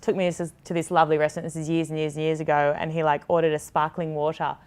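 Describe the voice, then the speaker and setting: A woman's voice: deep voice, little pitch movement, fast, darkish tone, clear, resonant tone. A woman in her thirties with an Australian accent, a TV presenter chatting as an interview guest in a rambling way, full of fillers and restarts. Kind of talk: casual interview chat.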